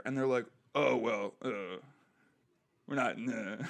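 A man's voice: medium pitch, slow, vocal fry. A man from the United States, a comedian and military veteran, chatting casually on a podcast and acting out other people's lines as he tells his stories. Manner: animated storyteller who acts out other people's lines.

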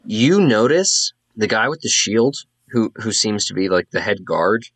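A man's voice: lowish voice, lively intonation, unhurried, a bit bright, no echo. A man narrating a tabletop game as game master, casual and full of fillers.

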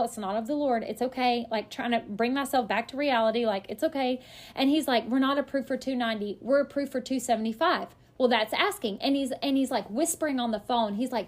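A woman in her thirties, a podcast guest, telling a story in lively casual chat and acting out what other people said. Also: sits high. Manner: lively, quick to act out other people's lines.

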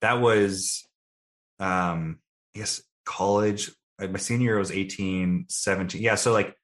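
Deep-voiced young man, easygoing. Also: steady tone, measured pace, a bit bright. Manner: easygoing, thoughtful, self-deprecating. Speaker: guest. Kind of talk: casual interview answers.

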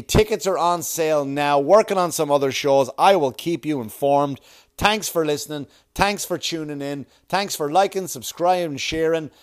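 A man telling a rambling, profane, self-mocking story as a comedian hosting his own podcast. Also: on the high side. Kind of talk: casual storytelling monologue.

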